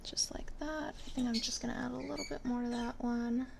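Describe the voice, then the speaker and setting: A woman narrating her own craft work in a relaxed, chatty way as she goes. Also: a little high, a little fast, gravelly, noisy background. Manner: relaxed, chatty, talks while working. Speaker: resin artist.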